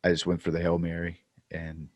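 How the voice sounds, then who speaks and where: A man's voice: low voice, completely flat delivery, a little fast, no room sound. A man co-hosting a podcast, telling laid-back stories in casual chat. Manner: laid-back storytelling, says "dude". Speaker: podcast co-host.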